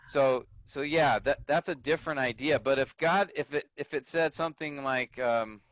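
A man's voice: medium pitch, normal speed, a bit bright, no room sound, low-quality recording. A man teaching a class, explaining grammar patiently and often checking whether his students follow.

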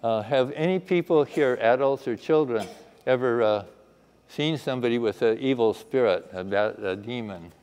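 A man's voice: medium pitch, moderate pace, a little mellow, dull audio. A man teaching a children's Bible lesson in a chapel, asking the room questions and acting out the story. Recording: echoey hall.

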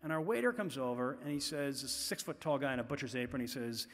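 A middle-aged author from the Boston area gives a festival talk, telling chatty anecdotes full of "you know" asides. His mid-range voice is quick with few pauses, and the large venue adds a long hall reverb.

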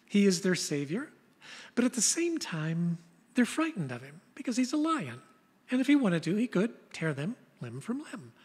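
An older woman pastor preaching a sermon, telling stories in an animated way. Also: on the low side, husky, big-room sound. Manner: storytelling, animated retelling of scenes.

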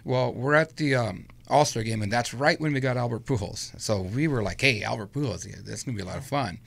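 A man's voice: mid-range voice, a little fast, creaky. A middle-aged man telling a long personal story in a casual interview, acting out what people said. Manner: animated anecdote-telling with acted-out quotes. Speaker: guest storyteller.

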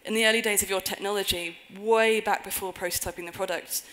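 A woman's voice: medium pitch, fairly even intonation, fast, fairly bright tone, low-quality recording. A woman giving a conference talk on a stage before an audience, earnest with wry humorous asides. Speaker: conference speaker.

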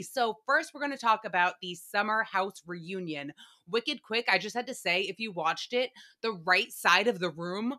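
A woman hosting a casual reality-TV recap podcast, ranting in an animated, profane way. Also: medium pitch. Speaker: podcast host.

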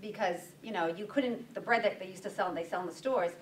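Quick-talking woman telling stories. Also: mid-range voice, a little hiss or hum. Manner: animated, acts out quoted dialogue. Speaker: bakery owner and guest speaker. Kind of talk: storytelling talk with audience questions. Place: meeting room at a breakfast event. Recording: roomy sound from a distance.

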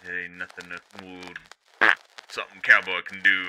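A man's voice: fairly low pitch, wildly swooping pitch, unhurried, bright, forceful tone. Playful man narrating his gameplay. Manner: chanting gunshot sound effects, playful. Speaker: let's play gamer. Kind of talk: live gameplay commentary. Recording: game music playing underneath. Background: video game music.

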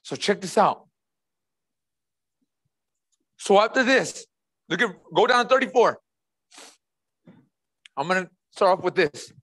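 A man's voice: high voice, animated, normal speed, fairly bright tone. A man preaching a sermon as pastor, emphatic and repeating key phrases while speaking straight to the congregation.

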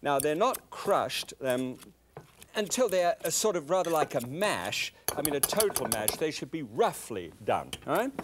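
A man's voice: a little high, very animated, measured pace, background noise. Older guy chatting through a recipe, eager and folksy, lots of ums. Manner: chatty, enthusiastic, with fillers. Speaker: cooking show host. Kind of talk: cooking demonstration.

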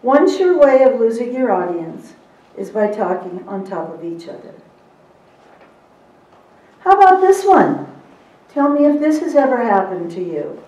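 Lively middle-aged woman lecturing in an echoey room. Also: on the high side, a little slow, long pauses, highs cut off. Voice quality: lively, emphatic, teasing asides. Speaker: seminar presenter for court reporters. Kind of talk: live seminar lecture. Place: seminar room. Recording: roomy echo, recorded from a distance.

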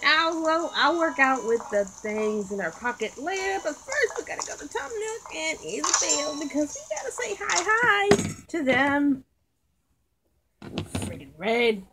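A woman giving playful, joking commentary while playing a video game, often breaking into excited exclamations. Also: sits high, measured pace, heavy background noise. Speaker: gaming video creator. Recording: clear game music behind voice. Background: game music.

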